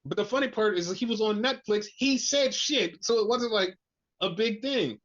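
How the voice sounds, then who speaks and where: Man, high voice, excitable podcast co-host, swears, muffled lo-fi sound. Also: normal speed. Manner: animated, swearing, acts out quotes. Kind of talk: casual wrestling chat. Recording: dull lo-fi podcast audio.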